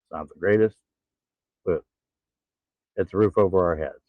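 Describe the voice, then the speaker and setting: A man in his forties telling his own story in a halting, tired way, pausing to catch his breath. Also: deep voice, no echo. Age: 40s. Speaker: vlogger. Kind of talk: casual personal vlog. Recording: tinny phone-like sound.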